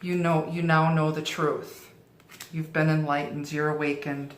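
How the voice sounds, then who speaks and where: A middle-aged woman with a low voice gives a tarot reading, taking her time and reassuring her listeners over and over. She often circles back and restarts her phrases. The sound is roomy, with a clear echo around her. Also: little pitch movement, measured pace, a little hiss or hum. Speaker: tarot reader.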